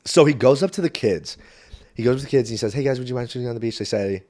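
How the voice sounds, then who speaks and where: A young man hosting a podcast, telling a story in a casual, animated way and swearing freely. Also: medium pitch, racing. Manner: animated, swearing, jumps into quoted voices. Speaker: podcast host. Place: small warm room indoors. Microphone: camera mic, solo recording.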